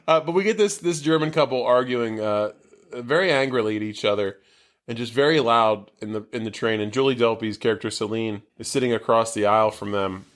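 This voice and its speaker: A man's voice: medium pitch, fairly quick. Rambling podcast man recapping a movie. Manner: rambling, loose recap with many fillers. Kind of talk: casual chat. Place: basement.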